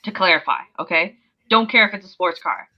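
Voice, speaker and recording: A woman's voice: fairly low pitch, lively intonation, a little fast. Opinionated woman on a muffled mic. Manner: opinionated, lays down firm stipulations. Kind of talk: casual podcast chat.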